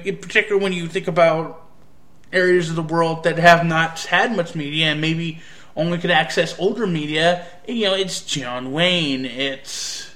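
Bright-voiced hesitant male reviewer. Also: a little high. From United States. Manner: hesitant, rambling, frequent restarts. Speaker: anime reviewer. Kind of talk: casual spoken review.

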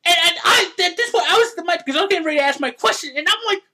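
A woman hosting a podcast, ranting in an animated, exasperated way with loud outbursts. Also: extremely high pitch, racing. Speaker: podcast host. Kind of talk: casual podcast rant.

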